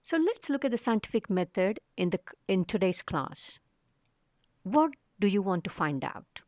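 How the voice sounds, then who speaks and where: A woman's voice: mid-range voice, sing-song, moderate pace, darkish tone, no room sound, studio quality. A woman teacher giving a recorded science lesson to children, explaining step by step and asking rhetorical questions.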